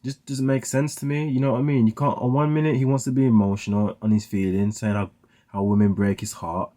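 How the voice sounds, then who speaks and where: A man's voice: medium pitch, level tone, a little fast, mellow. A young man giving casual, rambling commentary on songs he is reacting to, full of "like" fillers. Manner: rambling, heavy use of "like" fillers. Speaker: music reaction host.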